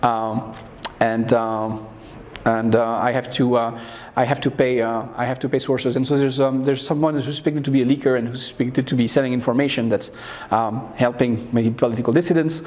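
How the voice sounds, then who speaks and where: A man's voice: medium pitch, steady tone, moderate pace, darkish tone. A man, the founder answering an audience question at a meetup, explaining off the cuff with frequent restarts and fillers. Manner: thinking aloud, many restarts and fillers. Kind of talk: unscripted meetup talk.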